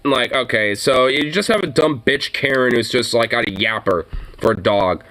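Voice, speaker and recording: A man's voice: medium pitch, lively intonation, moderate pace, a bit bright. A man ranting through casual reaction commentary, profane and rambling, laughing often. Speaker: streamer reacting to videos.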